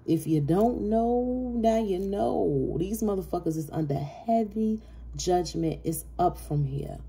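A woman's voice: deep voice, dark tone, slight background noise. A woman giving a tarot reading, brash, profane and emphatic, laughing often. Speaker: tarot reader.

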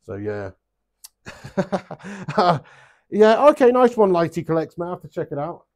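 Young male streamer, cheeky banter, frequent swearing, voice a touch high. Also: wildly swooping pitch, moderate pace, darkish tone. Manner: chatty and joking, swears freely, calls viewers lad and mate. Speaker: live stream host playing webcam darts. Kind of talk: casual live-stream chat.

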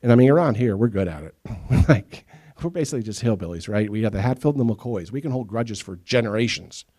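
A middle-aged pastor preaches a sermon in a church sanctuary, his voice low-ish and quick. He tells stories with animation and acts out the voices of the people he quotes.

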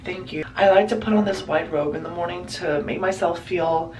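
A man's voice: sits high, normal speed, slight background noise. A young man filming a casual vlog at home in his bedroom and bathroom, talking in a sarcastic, self-mocking and dramatic way. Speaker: vlogger.

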